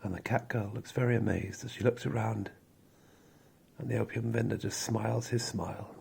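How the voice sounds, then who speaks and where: Gravelly, husky male storyteller. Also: fairly low pitch, steady tone, normal speed, a little mellow. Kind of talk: calm storytelling narration.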